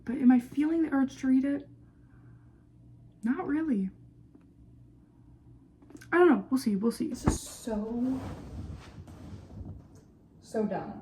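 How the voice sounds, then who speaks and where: Young woman, casual vlog chat, warm mellow tone, blunt, swears freely, hesitant trailing asides. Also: fairly high pitch. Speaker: reading vlogger.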